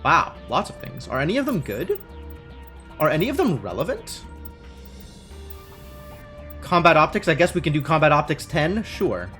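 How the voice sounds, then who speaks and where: A man's voice: fairly high pitch, big pitch swings, moderate pace, pauses often, fairly bright tone, soft background music. A young man streaming a game live, chatting casually with wry, sarcastic asides while he plays. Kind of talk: casual live gameplay commentary.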